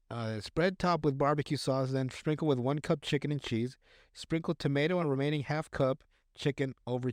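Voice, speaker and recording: A man's voice: mid-range voice, no echo, clean studio sound. A man co-hosting a podcast, reading recipes aloud in casual chat, stumbling over words and joking crudely. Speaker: podcast co-host.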